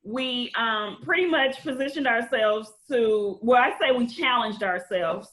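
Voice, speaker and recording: Woman, higher voice, earnest, emphatic, podcast guest. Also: a little slow, a bit bright, low-quality recording. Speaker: playwright and film director guest. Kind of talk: casual podcast interview.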